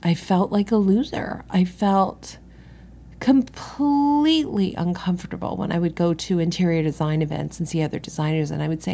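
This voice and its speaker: Brief: middle-aged woman, lowish voice, candid and digressive, telling a story solo. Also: normal speed, creaky, mellow. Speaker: interior designer and business owner. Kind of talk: solo podcast monologue.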